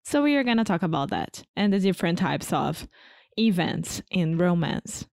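A woman's voice: lowish voice, very animated, moderate pace, creaky, a little mellow, no echo, clean studio sound. Giggly woman podcast co-host. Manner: giggly, laughs often. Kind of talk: casual chat.

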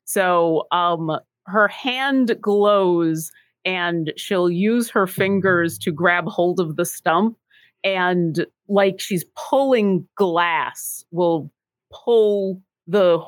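A woman playing a tabletop game, explaining her character's actions in a thoughtful, unhurried way. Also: fairly low pitch, no room sound. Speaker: tabletop player. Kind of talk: casual game chat.

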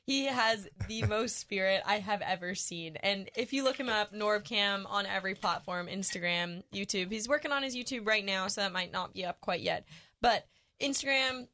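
A woman's voice: medium pitch, moderate pace, pushed and bright, no echo. A woman hosting a radio show, chatting casually in an upbeat way and laughing easily. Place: radio studio.

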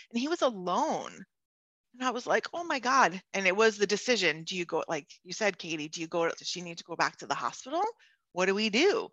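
A woman's voice: lowish voice, animated, brisk, fairly bright tone, dry recording. A woman sharing a personal caregiving story in casual conversation, earnest and emotional, laughing now and then and restarting her sentences.

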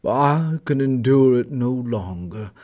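A man's voice: medium pitch, lively intonation, slow, a little mellow. A man voicing a wistful male snowman who longs for a stove. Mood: enraptured. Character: longing, melting male snowman.

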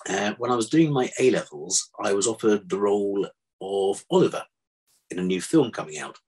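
An older man, a vet, telling stories from his past in a relaxed interview, with dry self-deprecating humour. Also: fairly low pitch, normal speed, husky. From England. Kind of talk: casual interview chat.

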